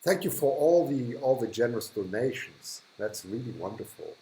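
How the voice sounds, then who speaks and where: Guy chatting on a live stream, thanking viewers, mid-pitched voice, faint ambient hiss. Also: expressive, normal speed, warm tone, poor audio. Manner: chatty, thankful, with restarts and chuckles. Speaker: livestream host. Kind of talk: casual live-stream chat reading viewer comments. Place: hot humid room indoors.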